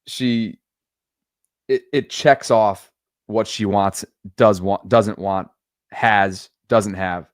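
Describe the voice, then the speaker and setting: A middle-aged man co-hosting a podcast, chatting casually with a playful, drawn-out joking delivery. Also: fairly low pitch, steady tone, no echo, studio quality. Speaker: podcast co-host. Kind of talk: casual chat.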